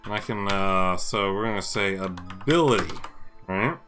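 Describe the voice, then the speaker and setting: Brief: male developer streaming while he codes, low-ish voice, unhurried, thinks aloud, faint music underneath. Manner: thinks aloud, repeats himself, chats to viewers. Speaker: game developer streaming his coding. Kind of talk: casual live-coding chat.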